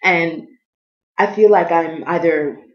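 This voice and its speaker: A young American woman telling a comedic personal story in an animated way, acting out other people's lines in quick voices. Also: lowish voice. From United States. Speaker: vlogger. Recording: echoey room, dull lo-fi sound.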